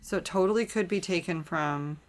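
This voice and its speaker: Low-voiced woman with playful quips. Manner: playful reactive listener, quick quips. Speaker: podcast co-host. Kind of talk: casual true-crime podcast chat.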